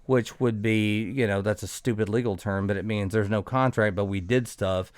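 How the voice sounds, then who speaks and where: Low, smooth-voiced man telling a profane story. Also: fairly even intonation, moderate pace, no echo, clean studio sound. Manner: profane, sarcastic, rambling. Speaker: podcast guest. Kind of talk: casual storytelling chat.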